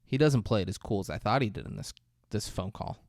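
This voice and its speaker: A man's voice: fast talker, dry recording, studio quality. Man animatedly retelling a movie plot. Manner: animated retelling, jumps into high put-on voices for characters. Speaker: podcast co-host. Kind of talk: casual movie recap chat.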